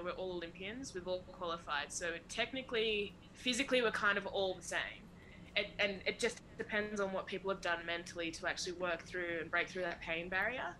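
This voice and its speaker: A young Australian woman in a relaxed podcast interview, talking casually, swearing freely and laughing often. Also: medium pitch, slight background noise, low-quality recording. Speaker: guest athlete.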